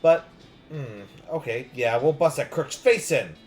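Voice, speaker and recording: A man's voice: medium pitch, unhurried, darkish tone, faint music behind, natural voice. A man voicing a bored, sulky little girl on a train, whiny and petulant. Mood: scheming.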